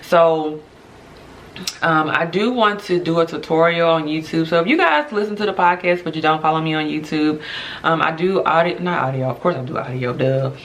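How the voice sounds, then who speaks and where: A woman's voice: low-pitched, normal speed. A young adult woman hosting her podcast, talking in an earnest, chatty way straight to her listeners and laughing through emotional moments. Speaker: podcast host. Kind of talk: casual heartfelt podcast monologue.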